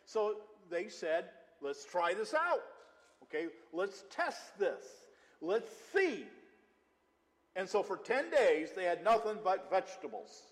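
A man's voice: high-pitched, very animated, takes it slowly. A male pastor preaching a conversational sermon, mixing scripture with personal stories. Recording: long hall reverb.

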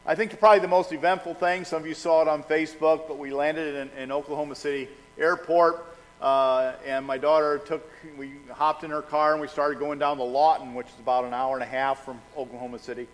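An older male pastor with a slightly high voice, talking in a relaxed, folksy way from the front of a church. His words ring out with a long hall echo around them. He chats and jokes with the congregation between prayers. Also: brisk. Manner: folksy, chatty storyteller. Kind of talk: church service announcements and prayer. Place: church sanctuary.

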